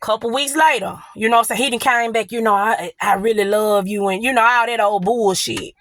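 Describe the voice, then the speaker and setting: A young woman tells a personal story in a loose, blunt, cursing way, bouncing between her own lines and the other person's. Her voice sits high and sounds bright. The sound is dry, with no room around it. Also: quick pace, no echo. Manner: blunt, profane, animated retelling. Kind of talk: casual storytime.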